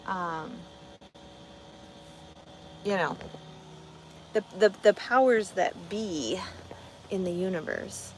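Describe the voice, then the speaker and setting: A woman's voice: medium pitch, slow, pauses often, a little hiss or hum, poor audio. Blunt, foul-mouthed woman trucker streaming. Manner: blunt, swears a lot, talks back to chat. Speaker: truck driver livestreamer. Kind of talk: casual livestream chat reading comments.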